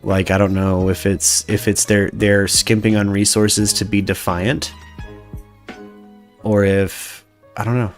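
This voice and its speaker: A man's voice: on the low side, level tone, measured pace, soft background music. A man hosting a podcast in casual chat, rambling and profane, often trailing off as he reads out chat comments. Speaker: podcast host.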